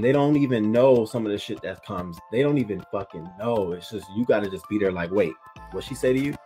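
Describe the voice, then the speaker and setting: A man's voice: mid-range voice, darkish tone, rough recording. A man hosting a livestream, reacting to a news story in an emotional, profane way and reading viewer comments aloud.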